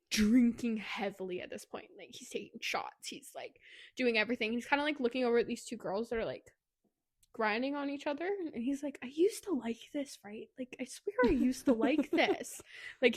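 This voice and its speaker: A woman's voice: a little high, dry recording, clean studio sound. A woman co-hosting a book podcast, casually retelling a story and acting out the characters' lines, with "like" in nearly every sentence. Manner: rambling retelling full of "like", acting out quotes. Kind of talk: casual book recap chat.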